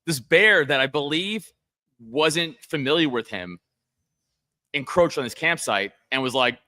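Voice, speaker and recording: A young man co-hosting a podcast, chatting casually and telling stories in an animated, profane way. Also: fairly high pitch, unhurried, no echo. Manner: animated, profane, tells stories with quoted voices. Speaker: podcast co-host.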